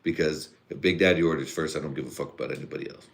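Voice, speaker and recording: Deep-voiced tipsy man ranting live. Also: steady tone, racing. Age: adult father and husband. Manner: rambling, profane, laughs often. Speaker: podcast host. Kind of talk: casual live-stream rant.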